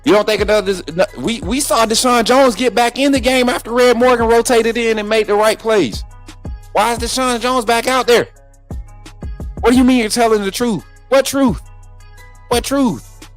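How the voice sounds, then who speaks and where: Faint music plays behind a high-pitched sports show host on a live talk stream, his tone steady and speed normal. He's combative and repeats himself while addressing his viewers directly.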